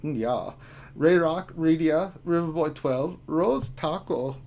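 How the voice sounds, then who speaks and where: A man's voice: fairly high pitch, gravelly, darkish tone, slight background noise. A man voicing a lecherous German man in a put-on German accent, reading names with sleazy innuendo on a live stream. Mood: leering. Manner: sleazy innuendo, drawn-out teasing. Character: lecherous middle-aged German man named Friedrich.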